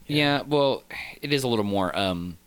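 A man co-hosting a casual gaming podcast, chatty and animated as he tells his anecdotes. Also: medium pitch, normal speed, clear, resonant tone. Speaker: podcast co-host. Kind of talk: casual chat.

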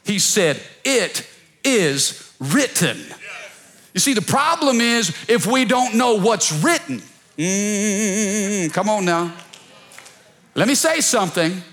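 A man pastor preaching a sermon to his church, calling on the congregation to repeat after him and swinging between soft pleading and loud shouts. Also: high-pitched, animated, slow. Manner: preaching with call-and-response, rising to shouts. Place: church service.

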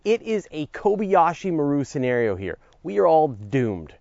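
A man's voice: a little high, big pitch swings, moderate pace, vocal fry, a little mellow, no echo, muffled recording. A man hosting a podcast, reading a scripted science script with a playful, jokey manner and theatrical asides. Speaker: podcast host.

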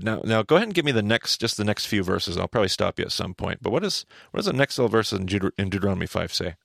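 A man hosting a podcast, teaching scripture in a casual, animated back-and-forth with his co-host. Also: lowish voice, a little fast, vocal fry, no echo, studio quality. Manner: animated, thinks aloud, asks his co-host questions.

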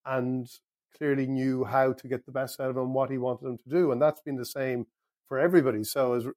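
A man's voice: mid-range voice, fairly even intonation, brisk, a little mellow, no echo, clean studio sound. A man on a football podcast, talking in a thoughtful, analytical way. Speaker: podcast pundit. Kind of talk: casual football discussion.

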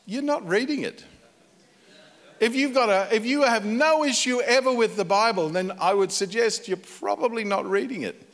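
An Australian man, a pastor, preaching a conversational sermon that swings from loud emphatic peaks to quiet low asides. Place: church. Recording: long hall reverb in a church.

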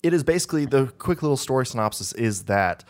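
A man's voice: medium pitch, lively intonation, fast talker. A man co-hosting a podcast in casual chat, meandering and correcting himself as he recalls details, laughing easily. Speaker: podcast co-host.

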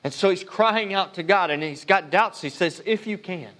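Male pastor, higher voice, earnest conversational sermon with restarts. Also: moderate pace, fairly bright tone. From United States.

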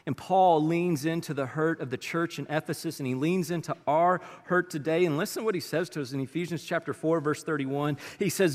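A man's voice: fairly high pitch, a little fast, few pauses. A man preaching a sermon as pastor, talking to the congregation in a casual, conversational way. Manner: conversational and colloquial, addressing the congregation directly. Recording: long reverb of a large hall.

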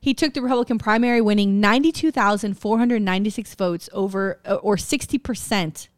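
A woman's voice: medium pitch, a little fast, dry recording, studio quality. A woman from Florida in her thirties co-hosting a podcast, telling stories in a brash, profane way and laughing often. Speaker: podcast co-host. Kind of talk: casual podcast chat.

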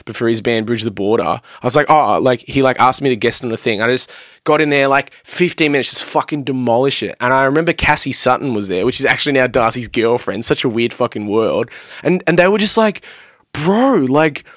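A young man chats casually on a podcast. He swears freely and rambles through animated stories. His voice is mid-pitched and recorded dry and close on a studio mic. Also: fast talker, dry recording. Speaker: podcast guest, vocalist and producer. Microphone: studio mic on a stand.

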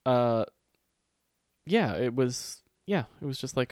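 A man's voice: mid-range voice, slow pace, dry recording, studio quality. A man co-hosting a casual chat, telling stories with acted-out quotes and plenty of swearing. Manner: animated storytelling, swears freely, acts out quotes.

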